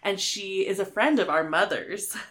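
A woman's voice: mid-range voice, moderate pace, fairly bright tone. A young woman co-hosting a book podcast, chatting casually, filling her talk with "like" and laughing often. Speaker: podcast co-host. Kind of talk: casual chat.

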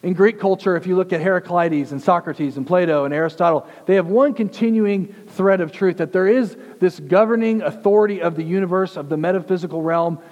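A man's voice: high-pitched, a little fast, few pauses, a little mellow, big-room sound, dull audio. A man preaching a sermon as a pastor, teaching in a conversational way with frequent restarts and repeated words. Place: church sanctuary.

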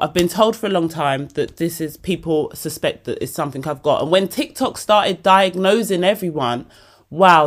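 A woman, hosting a podcast and talking casually and emotionally about herself, often calling the listener babe. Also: mid-range voice. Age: 40s. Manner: chatty, emotional, self-mocking, calls listener babe. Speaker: podcast host. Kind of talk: casual personal monologue. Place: bedroom at home.

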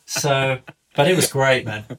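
A man's voice: mid-range voice, measured pace, a little hiss or hum. A man with an English accent, a podcast guest telling a long road-trip story in casual chat, full of swearing and acted-out voices of other people. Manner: animated, profane storytelling, acting out others' lines.

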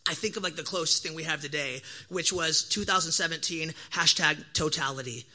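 A young man gives a casual sermon in a high, brightly ringing voice. He talks in slangy, animated bursts and acts out lively quoted asides as he tells his stories. Sometimes he slows down to make a point. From Oregon, USA. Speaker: pastor.

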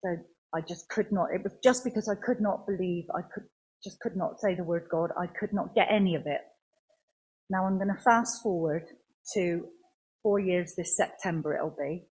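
A woman giving a personal faith testimony in church, speaking earnestly in a halting way with many restarts. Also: lowish voice, a little mellow, breathy edge, rough recording.

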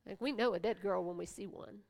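A woman pastor preaching a sermon, swinging from hushed whispers to loud exclamations, with playful asides to the congregation. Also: mid-range voice, a little fast, gravelly.

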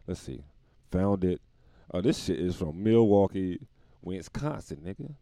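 Rambling, laughing man with a low voice. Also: lively intonation, a little slow, gravelly, dry recording. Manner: rambling, laughing, profane, bursts into loud put-on voices. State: dog tired. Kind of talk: casual comedic monologue.

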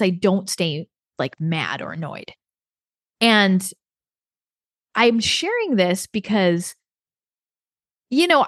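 A woman's voice: lowish voice, dry recording. Chatty woman podcast host, dry close sound. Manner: chatty, laughs often, animated quoted dialogue. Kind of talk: casual solo podcast storytelling.

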